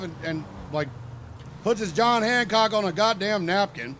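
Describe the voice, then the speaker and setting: A man's voice: high-pitched, moderate pace, a bit bright, slight background noise. A man in a game role-play, telling a joking, profane story in a casual, chatty way.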